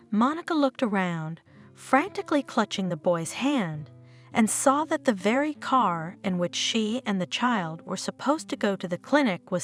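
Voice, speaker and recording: Expressive woman narrating a story. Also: mid-range voice. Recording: faint music behind.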